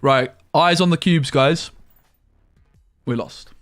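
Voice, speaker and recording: A man streaming a card game live, chatting casually with viewers and breaking into loud exclamations. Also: a little high, slow pace, faint music behind. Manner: chatty, talks to chat, bursts into loud exclamations.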